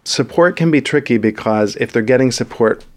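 Earnest man giving marriage advice. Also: mid-range voice. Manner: measured, earnest, many fillers. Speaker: counselor guest. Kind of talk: advice in casual conversation.

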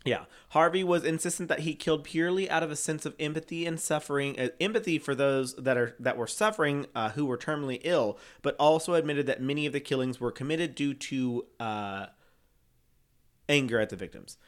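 A man's voice: a little high, a little fast. A man co-hosting a casual true-crime podcast, rambling through the story and swearing freely. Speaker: podcast co-host.

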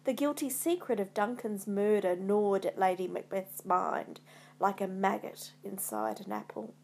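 A woman reading a retold classic tale aloud as a storyteller, in a measured storybook manner. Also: medium pitch, expressive, a little mellow.

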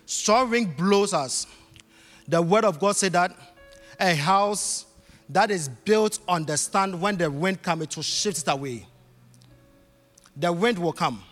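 A man's voice: sits high, slow pace, pauses often, fairly bright tone. A man preaching a sermon with emphatic, repetitive phrasing that swells into bursts. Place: church hall. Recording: reverberant hall with faint music.

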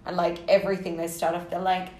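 A woman co-hosting a casual chat podcast, animated and exclaiming, laughing and swearing mildly. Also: fairly low pitch, fast talker. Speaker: podcast co-host. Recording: echoey room.

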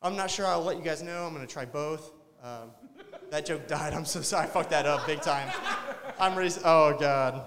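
A man's voice: a little high, normal speed, fairly bright tone. A man doing a crude, rambling stand-up set after a few drinks, talking to the crowd and laughing at his own jokes. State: tipsy. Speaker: stand-up comedian. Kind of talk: open-mic stand-up set. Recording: long hall reverb.

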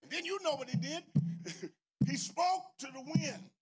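A man preaching a whooping revival sermon as a bishop, shouting, chanting and half-singing hymn lines to a congregation. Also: very high voice, measured pace.

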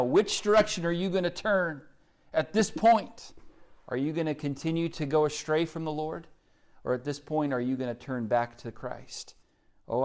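A pastor with an Oklahoma accent preaching a sermon, earnest and pleading as he reads scripture and calls listeners to decision. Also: a little high.

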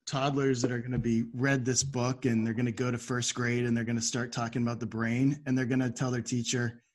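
A man hosting a podcast interview, easygoing and quick to laugh as he asks questions. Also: mid-range voice, level tone. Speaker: podcast host. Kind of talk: casual interview.

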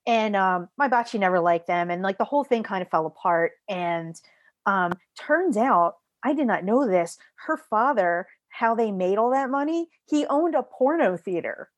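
A middle-aged woman co-hosting a casual podcast chat, chatty and expressive, laughing often. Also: medium pitch, moderate pace, dry recording, dull audio. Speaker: podcast co-host.

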